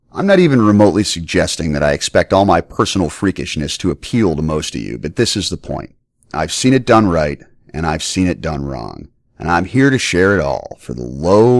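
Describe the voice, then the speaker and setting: A man's voice: sits low, gravelly, no echo, clean studio sound. A middle-aged man hosting a podcast, giving a blunt, profane and playful scripted monologue. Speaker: podcast host.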